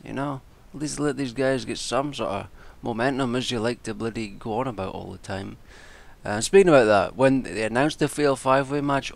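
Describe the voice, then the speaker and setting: A man's voice: medium pitch, creaky. A man giving casual, rambling predictions and reviews, exasperated and swearing freely as he talks. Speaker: wrestling commentator and vlogger.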